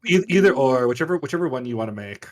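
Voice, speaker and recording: A man narrating as game master in a tabletop game, laid-back, breaking into loud shouted voices for the characters. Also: mid-range voice, animated, quick pace.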